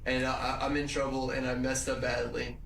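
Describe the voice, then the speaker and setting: A man's voice: medium pitch, monotone, brisk, a bit bright, a little hiss or hum. A young man in a police interview, stammering and repeating his words in a subdued way. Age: young adult. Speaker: murder suspect. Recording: roomy distant recording with music.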